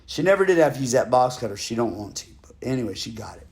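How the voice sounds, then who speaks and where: A man's voice: medium pitch, very animated, quick pace. Rambling joking male storyteller. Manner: rambling, digressive, joking asides. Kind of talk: comic folksy storytelling.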